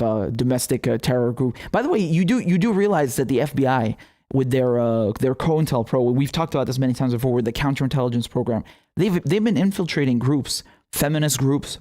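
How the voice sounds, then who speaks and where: A man's voice: medium pitch, mellow. A young man hosting a political commentary show, talking casually with heated, profane, sarcastic outbursts and laughing asides.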